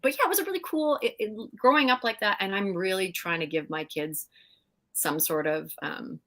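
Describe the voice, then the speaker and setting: A middle-aged woman, a guest in a casual interview, telling animated stories with frequent laughs and fillers. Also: medium pitch, moderate pace. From Canada. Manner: animated storyteller, laughs often, many fillers. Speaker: guest actress.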